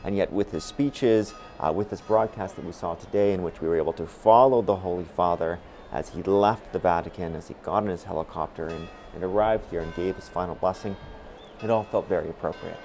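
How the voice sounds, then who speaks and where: A man's voice: low voice, fairly quick, darkish tone, soft background music. A man, a reporter, gives thoughtful live commentary with frequent restarts.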